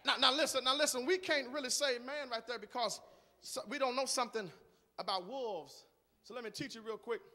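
High-voiced man preaching with rising fervor. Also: brisk, in a large hall. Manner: rhythmic preaching that builds from quiet talk to shouting. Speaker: guest preacher. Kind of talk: sermon. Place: large church sanctuary.

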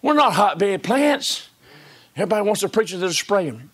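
A man preaching a sermon in a church service, folksy and full of rhetorical questions, swinging between hushed whispers and shouts. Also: high-pitched, expressive, fairly quick.

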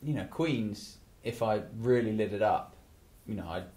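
A man's voice: fairly low pitch, a little slow, mellow. A man hosting a casual talk show, rambling with many asides and restarts. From England. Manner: rambling, lots of "you know" and restarts. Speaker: podcast host. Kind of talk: casual chat.

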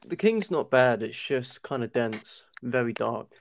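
A man's voice: mid-range voice, expressive, measured pace, creaky, a little hiss or hum. A man chatting casually about films on a live stream over a video call, swearing freely and laughing often. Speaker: panelist on a movie live stream. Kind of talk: casual chat.

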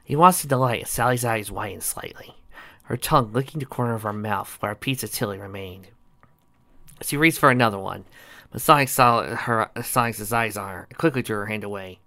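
A man narrating a fan-made story, reading aloud with animated delivery. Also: fairly low pitch, fairly quick, creaky.

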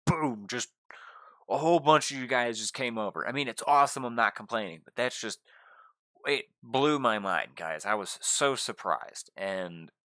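A young man giving casual gameplay commentary, gushing excitedly and talking straight to his viewers. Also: mid-range voice, moderate pace, no echo, studio quality. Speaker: gaming YouTuber.

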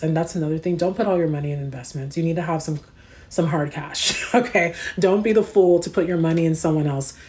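Slangy livestreaming woman, low voice. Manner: slangy, animated storytelling that answers chat comments. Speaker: livestream host. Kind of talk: casual livestream chat.

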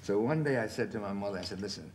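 A man in his sixties, a film actor as a television interview guest, telling stories in a lively way and acting out the quotes. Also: lowish voice, very fast. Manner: animated storyteller, acts out quotes, chuckles. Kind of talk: relaxed anecdotal storytelling. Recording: faint background noise, 1970s television interview.

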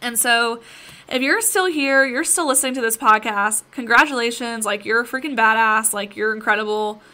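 A woman hosts a spiritual podcast in a loose, chatty monologue, full of fillers and direct asides to her listeners. Her voice sits a little high and sounds bright and forceful. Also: normal speed. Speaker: podcast host.

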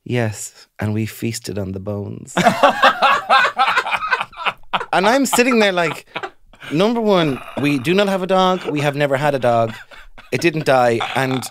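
A man's voice: on the high side, unhurried, long pauses, noisy background. A young Irish man co-hosting a comedy podcast, telling childhood anecdotes in casual chat and acting out the voices of people in them. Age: young adult. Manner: animated anecdotes, acts out other voices.

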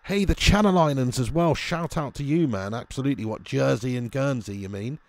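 A young man streaming a football video game, excitedly commenting, swearing at his players and greeting viewers in chat. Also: medium pitch, a little fast, no echo. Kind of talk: live game commentary and chat shout-outs.

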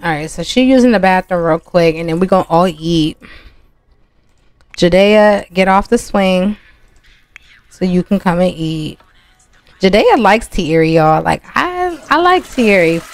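A woman's voice: fairly low pitch, animated, unhurried, a little hiss or hum. A woman hosting a gaming channel, chatting casually and laughing as she narrates gameplay to her viewers. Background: soft music.

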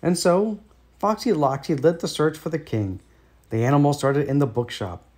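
A man with an American accent reading a children's storybook aloud in a lively, expressive way. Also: on the high side, normal speed.

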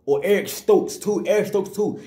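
Man, angry sports rant, raised pitch, roomy echo. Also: normal speed, warm tone. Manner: angry, repetitive, slangy. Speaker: sports vlogger.

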